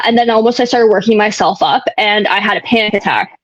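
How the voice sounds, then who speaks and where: A woman's voice: medium pitch, fast, no room sound. A young woman telling her own story in a casual, candid way, rambling with many fillers and some blunt swearing. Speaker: guest sharing recovery story. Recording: dull, dry lo-fi sound.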